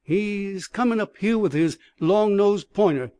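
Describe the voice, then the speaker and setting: A man voicing a rough, good-hearted ex-circus man in a rustic Cockney-mixed dialect, drawling and blunt. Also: high-pitched, measured pace, dark tone, dry recording, voice pushed up. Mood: entranced. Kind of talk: audiobook character voice.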